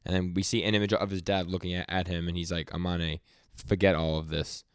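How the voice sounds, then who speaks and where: A man's voice: sits low, flat delivery, smooth, no room sound, clean studio sound. A young man co-hosting a podcast, retelling comic scenes casually and stumbling over words. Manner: retells scenes in quick quoted lines, many stammers. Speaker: podcast co-host. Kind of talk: casual manga recap chat.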